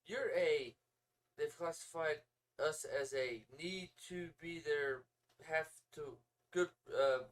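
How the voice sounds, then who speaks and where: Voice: medium pitch, takes it slowly, recorded from a distance, poor audio. Podcast co-host with a mid-range voice, loose and chatty, easygoing delivery. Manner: loose, chatty and easygoing, with filler words and restarts. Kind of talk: casual podcast chat.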